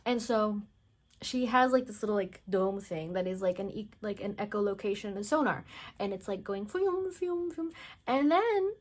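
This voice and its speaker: A movie reviewer with a mid-range, animated voice casually recaps a film plot at a normal speed. She rambles and chats, saying "like" constantly, acting out characters' lines and throwing in blunt, mocking remarks.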